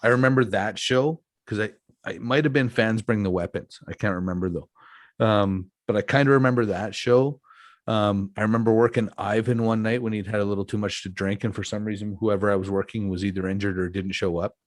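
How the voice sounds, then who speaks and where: A middle-aged man with a fairly low voice hosts a relaxed podcast conversation. He talks candidly and reflectively, winding through old stories. The sound is close and dry, with no room echo. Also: a little fast. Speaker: podcast host. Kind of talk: casual podcast chat.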